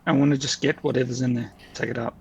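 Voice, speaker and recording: A man's voice: medium pitch, steady tone, quick pace, vocal fry, lo-fi sound, crowd noise. A man playing in a tabletop game, asking the group politely for help. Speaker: player.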